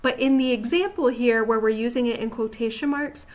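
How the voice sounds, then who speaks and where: Woman teacher, fairly high voice, patient, explains step by step, checks in with listeners, slide-based writing lesson. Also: a little fast. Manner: patient, explanatory, asks rhetorical check-in questions.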